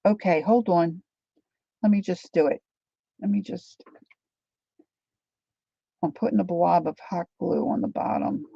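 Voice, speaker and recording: A woman's voice: on the low side, unhurried, gravelly, long pauses, breathy edge, dry recording, dull audio. A woman hosting a craft livestream, rambling chattily through a demo and answering viewer comments.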